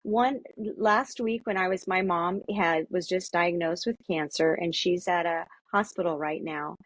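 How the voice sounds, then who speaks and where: A woman's voice: lowish voice, steady tone, no room sound. A middle-aged woman, an interview guest and mother, telling stories in a casual, earnest way with many restarts. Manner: earnest, halting, lots of restarts. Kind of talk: casual storytelling.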